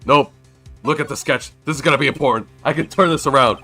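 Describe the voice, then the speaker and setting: A man's voice: medium pitch, fast talker, pushed and bright. A young male streamer chatting over his game, sleepy and yawning, his voice sitting in an ordinary middle register. Faint music plays under his casual remarks. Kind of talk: casual gaming stream commentary.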